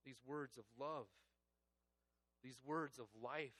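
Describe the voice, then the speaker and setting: A male pastor preaching a sermon, earnest and personal, moving between hushed reflective passages and raised, emphatic preaching. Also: medium pitch, fairly even intonation, normal speed, no room sound. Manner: earnest and personal, addressing listeners as friends.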